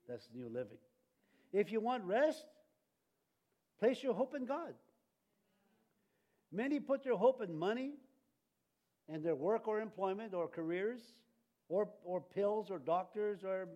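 An older man delivers a sermon with a high voice. He is animated and laughs often, and he acts out the voices he quotes. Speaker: preacher.

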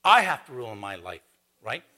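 A man preaching a sermon in a conversational, animated way, quoting scripture and talking to the congregation. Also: medium pitch, brisk.

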